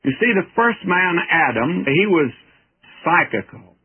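A man's voice: on the high side, big pitch swings, unhurried, husky. A man teaching the Bible verse by verse in a folksy, earnest, emphatic way. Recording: tinny old radio broadcast.

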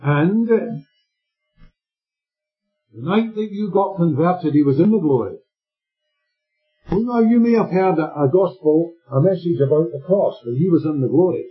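Man preaching emphatically, high voice swinging up and down, dull old-sounding recording. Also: lively intonation, a little slow, long pauses. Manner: emphatic, quizzes listeners with questions. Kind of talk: sermon. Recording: dull lo-fi recording with faint music.

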